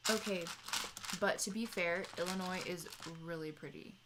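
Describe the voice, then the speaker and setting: A woman's voice: lowish voice, moderate pace, noisy background. A young adult woman co-hosting a livestream, chatting in a rambling, casual way and reading out chat messages. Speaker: livestream co-host.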